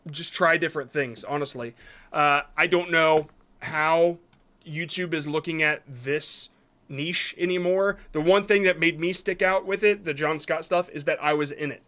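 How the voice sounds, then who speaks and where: A man's voice: fairly high pitch, pushed and bright. A man reviewing viewers' short videos on a live stream, talking casually and rambling a bit as he gives frank advice.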